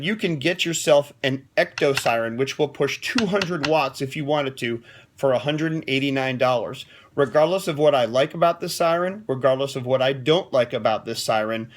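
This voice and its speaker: A man giving a casual, opinionated product demo from his closed office, often checking in with the viewer. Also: on the high side. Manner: chatty and opinionated, keeps checking in with "okay?". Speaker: siren dealer reviewing a product.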